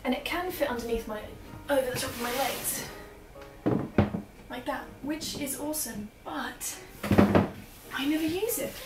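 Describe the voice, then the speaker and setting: A woman's voice: high voice, measured pace. A young Australian woman whose accent drifts British, chatting casually with fillers and giggles while showing around her small apartment. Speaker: vlogger. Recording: echoey small room, faint background music.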